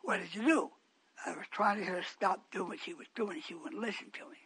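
A man, likely older, preaching a storytelling sermon, swinging from quiet asides to shouted outbursts. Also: sits high, fast talker, husky.

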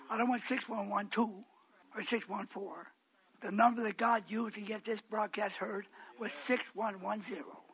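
High, husky-voiced fiery male preacher. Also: rough recording. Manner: swings from muttering to shouted, repeated exclamations; scolding, rhetorical questions. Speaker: radio preacher. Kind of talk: fiery radio sermon with call-ins.

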